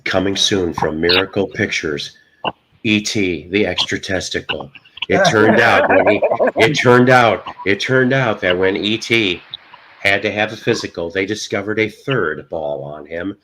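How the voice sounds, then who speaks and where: A man's voice: deep voice, a little slow, sharp tone, rough recording. A man co-hosting a casual show, rambling through crude jokes and repeating himself. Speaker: podcast co-host. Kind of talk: casual joking chat.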